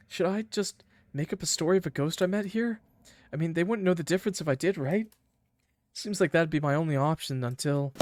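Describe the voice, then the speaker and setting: Speaking briskly in a high-sitting voice with a darkish tone, a man reads aloud a game's text in first person as he streams. The recording has no echo, and he cuts away for jokes aimed at his chat.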